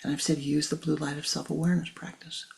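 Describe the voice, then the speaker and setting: A woman spiritual teacher giving a slow guided teaching in a soft, measured voice that often drops to a hushed whisper. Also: low voice, level tone, vocal fry, slight background noise.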